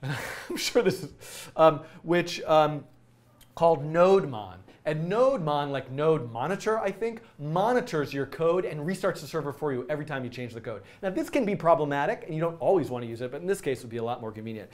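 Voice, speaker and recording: A man's voice: a little high, lively intonation, fairly quick. Chatty man live-coding, laughing often. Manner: chatty, rambling, laughs often, self-correcting. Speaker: coding teacher. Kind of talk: casual live-coding tutorial.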